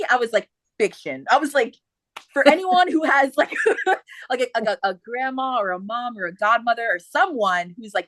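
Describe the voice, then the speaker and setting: Woman, young adult, podcast host, casual chat, animated storytelling, fairly high voice, dry recording. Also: no room sound. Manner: animated retelling with many voices, laughing often.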